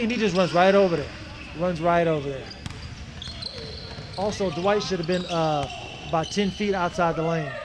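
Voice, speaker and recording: Guy picking apart his own ball game, higher voice, annoyed, faint hiss behind. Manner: frustrated, animated coaching critique. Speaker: player breaking down his own game footage. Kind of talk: casual video commentary.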